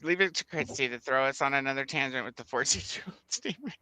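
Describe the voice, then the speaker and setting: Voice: mid-range voice, pushed and bright, slight background noise, poor audio. A host, chatting casually and giggling through stories on a reading livestream. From Texas. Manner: giggly, storytelling, quick asides.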